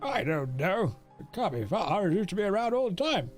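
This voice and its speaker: A man's voice: sits high, very animated, a little fast, soft background music, voice pushed up. A man putting on a whiny old hermit. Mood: grumbling. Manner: whiny and peevish. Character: grumpy reclusive old hermit man, complaining.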